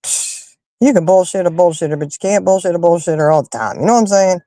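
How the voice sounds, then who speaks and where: A woman hosting a casual chat with her viewers, telling stories in an animated, emphatic way and fussing loudly when annoyed. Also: lowish voice, very fast, no echo. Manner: animated, emphatic storyteller who rants and fusses. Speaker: livestream host chatting with viewers.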